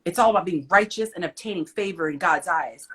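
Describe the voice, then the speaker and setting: A woman with a husky, breathy voice tells lively faith stories on a live stream call. She is a mother and a vivid storyteller. She talks casually and acts out each line of dialogue. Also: fairly low pitch, brisk. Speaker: guest, mother.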